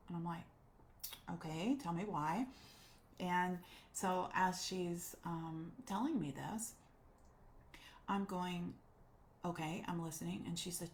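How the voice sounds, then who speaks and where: A woman life coach telling a personal story, animated and acting out the voices she quotes. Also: on the low side, slow pace, long pauses, a little hiss or hum.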